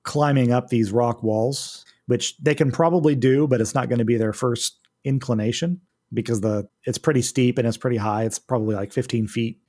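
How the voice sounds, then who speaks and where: A man's voice: mid-range voice, normal speed, dark tone. A man running a tabletop game as game master, patiently walking the players through rules and turns. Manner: patient, explains rules step by step.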